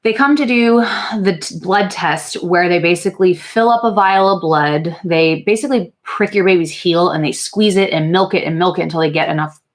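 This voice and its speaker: A young woman chatting to camera while she does her makeup, her voice a touch low for a woman. She tells the story frankly and with exasperation, swears without pause, and fills it with "like" and "um". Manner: frank and exasperated, swears freely, many fillers. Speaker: beauty vlogger. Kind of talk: casual get-ready-with-me storytelling. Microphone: camera mic while doing makeup.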